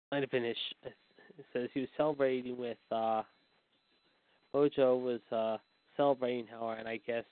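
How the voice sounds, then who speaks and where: A man in a middle pitch reads wrestling news aloud and rambles as he goes, with "however" and "apparently" turning up again and again. The sound is dry and narrow, like a phone line. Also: no room sound. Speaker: podcast co-host.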